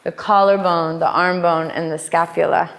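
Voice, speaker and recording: A woman teaching a live yoga class, cueing poses in a playful way with quick asides. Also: fairly low pitch, steady tone, a bit bright, slight background noise. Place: yoga studio. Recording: long hall reverb in studio.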